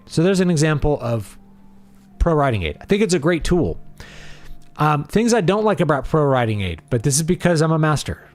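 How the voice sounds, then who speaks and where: A man hosting a casual livestream who talks in a blunt, opinionated and playful way. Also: medium pitch. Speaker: livestream host and writer.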